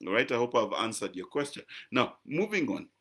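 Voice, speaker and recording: A man teaches his listeners in a croaky, mid-pitched voice. He talks in a chatty way, stresses key words and keeps checking that they follow him. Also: sing-song, a little fast, a bit bright. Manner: conversational and emphatic, frequent "right?" checks and repeated words. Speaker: preacher. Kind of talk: teaching sermon to a live-stream audience.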